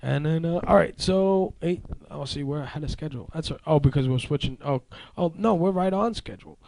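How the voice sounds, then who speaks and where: Gravelly-voiced host. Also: male voice, fairly high pitch, fairly quick, mellow, slight background noise. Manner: loose, rambling, joking. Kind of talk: casual chat and read sponsor plug.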